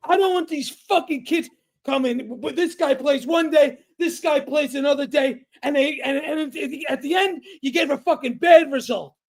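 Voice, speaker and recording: Guy yelling on a sports podcast, high strained voice, cursing nonstop. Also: moderate pace. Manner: angry, shouting, swearing a lot. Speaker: podcast co-host. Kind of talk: heated sports rant.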